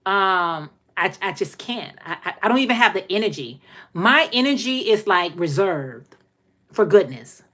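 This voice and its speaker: A woman's voice: medium pitch, big pitch swings, a little slow, a bit bright. A middle-aged woman hosting a casual livestream, chatting to viewers in a talkative, folksy way and often repeating herself. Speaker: livestream host.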